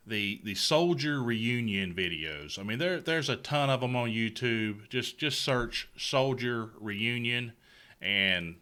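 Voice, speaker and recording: Folksy, bright-voiced Southern man hosting. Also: mid-range voice, takes it slowly. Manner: folksy, excitable, stammers and repeats words. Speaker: host of a good-news show. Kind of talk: casual news commentary.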